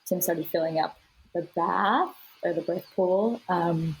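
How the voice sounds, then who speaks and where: Podcast guest, woman, lower register with a husky edge, casual storyteller. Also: rough recording. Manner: chatty, quick to laugh, many fillers. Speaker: podcast guest sharing her birth story.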